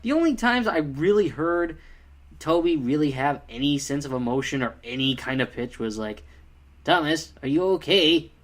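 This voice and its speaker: A man's voice: mid-range voice, normal speed. A man giving a casual spoken review of a fan film, rambling and critical with many fillers.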